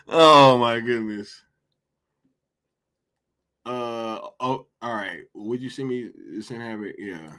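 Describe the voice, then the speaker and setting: A man's voice: mid-range voice, slow, pauses often, bright, forceful tone. Laid-back slangy man on a livestream. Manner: laughs often, slangy, reads out chat. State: hungry after a long day. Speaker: livestream host. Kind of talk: casual livestream chat.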